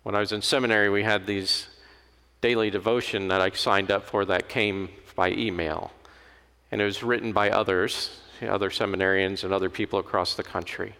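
A man's voice: lowish voice, steady tone, normal speed, bright, forceful tone, smooth. A man preaching a sermon in a conversational, storytelling manner. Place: church. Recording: long hall reverb.

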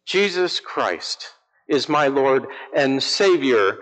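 A man who is an Episcopal priest, preaching a lively, emphatic sermon in church with humorous asides. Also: mid-range voice, slow pace, poor audio.

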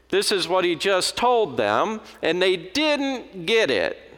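A man's voice: high voice, sing-song, slow pace, fairly bright tone. A man preaching a sermon in a conversational, storytelling manner. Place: church. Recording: long hall reverb.

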